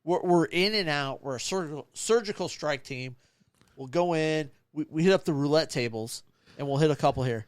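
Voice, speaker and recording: A man co-hosting a casual live beer show, telling joking tall tales with a deadpan delivery. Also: a little high, moderate pace, no room sound, clean studio sound. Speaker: podcast co-host. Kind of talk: casual live-stream chat.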